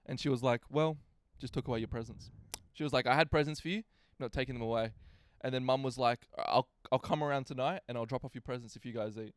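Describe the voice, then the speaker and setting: A man's voice: medium pitch, quick pace, clear, resonant tone, dry recording. Swearing young man telling a story. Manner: swearing, acts out quotes in other voices. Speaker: podcast co-host. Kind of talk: casual storytelling chat.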